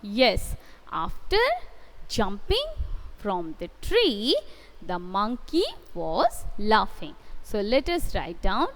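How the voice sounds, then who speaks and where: A woman with an Indian English accent teaching a kindergarten English class live online, dictating slowly, spelling words letter by letter and praising her pupils. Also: medium pitch, very animated, big-room sound. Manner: slow, sing-song dictation, stretching words and spelling letters aloud.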